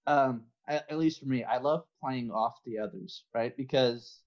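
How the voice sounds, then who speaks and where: A man's voice: medium pitch, moderate pace, darkish tone. Man's chatty voice on a lo-fi line. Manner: laughs often while telling stories. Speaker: podcast guest. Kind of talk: casual interview chat.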